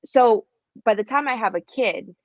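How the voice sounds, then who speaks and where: A woman's voice: fairly high pitch, moderate pace, no room sound. Blunt woman on a podcast, muffled sound. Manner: blunt, emphatic, speaks from a woman's point of view. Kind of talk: casual podcast discussion.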